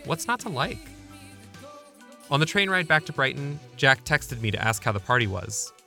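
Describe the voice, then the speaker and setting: A man's voice: medium pitch, sing-song, normal speed, vocal fry, bright, forceful tone, soft background music. A young man narrating his own memoir in a wry, self-deprecating, conversational way. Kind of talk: memoir storytelling.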